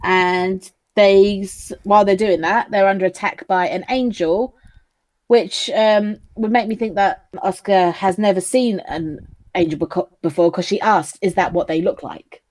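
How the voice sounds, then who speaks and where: A woman's voice: mid-range voice, fairly even intonation, unhurried, darkish tone. A woman co-hosting a casual anime review. She recaps the plot with a giggle and many fillers. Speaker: co-host.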